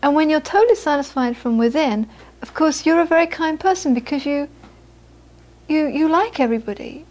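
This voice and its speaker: Brief: woman, Buddhist teacher with a high voice, animated storyteller who turns gentle and earnest in teaching. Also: a little fast. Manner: lively storytelling, acts out the people she quotes. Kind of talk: dharma talk to a small audience.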